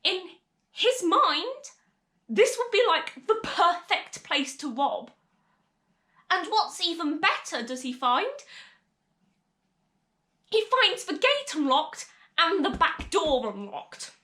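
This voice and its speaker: Chatty high-voiced young woman. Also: slow, long pauses. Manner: chatty, animated, laughs through the story. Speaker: vlogger. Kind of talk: casual storytime vlog. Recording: echoey room.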